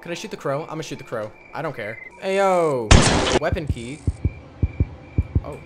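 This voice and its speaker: Male gaming host, higher voice, very animated, jokey let's-play commentary with loud outbursts, game music underneath. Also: moderate pace, heavy background noise. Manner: jokey, talks to the game, bursts into loud yells.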